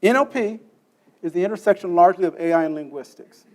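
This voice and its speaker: In a conference session room, a man delivers a technical lecture step by step, quizzing the audience and often checking in with "okay?". His high voice is darkish in tone, fast, with lively intonation.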